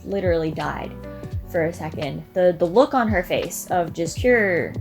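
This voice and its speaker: A young woman vlogger casually telling stories to the camera in a dramatic, animated way. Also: fairly low pitch, normal speed, faint music behind. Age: young adult.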